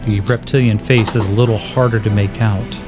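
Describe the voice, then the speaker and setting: A man's voice: on the low side, fairly even intonation, normal speed. A man running a tabletop game as game master, thinking aloud as he checks the rules and narrates the scene. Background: faint background music.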